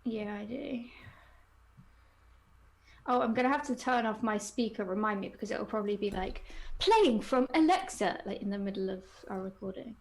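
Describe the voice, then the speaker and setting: Woman, casual podcast chat, relaxed, mid-range pitch. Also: a little fast, gravelly, pauses often. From England. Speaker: podcast co-host.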